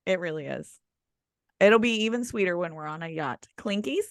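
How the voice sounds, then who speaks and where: A woman's voice: on the low side, expressive, moderate pace, no room sound, studio quality. A woman co-hosting a podcast in casual chat, brash and storytelling, swearing freely. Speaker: podcast co-host.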